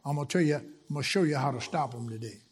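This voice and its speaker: A man preaching a sermon. He is emphatic, repeats phrases for rhythm, and swings from loud, stressed lines to hushed asides. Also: mid-range voice, rapid-fire, breathy edge.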